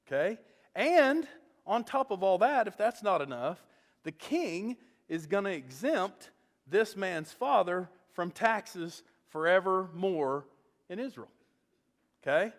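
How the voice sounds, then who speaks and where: A male pastor preaching a sermon, animated as he tells a story and often checking in with "okay?". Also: high voice, a little slow, long reverb tail.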